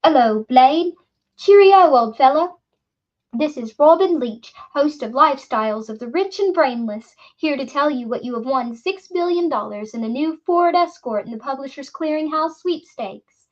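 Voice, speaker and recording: A woman's voice: sits high, lively intonation, normal speed, darkish tone, voice pushed up. A woman voicing a young man who bellows in a fake, plummy British TV-host accent. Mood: mocking bluster. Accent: bogus plummy British. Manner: bellowing, mock-grand. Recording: dull lo-fi recording.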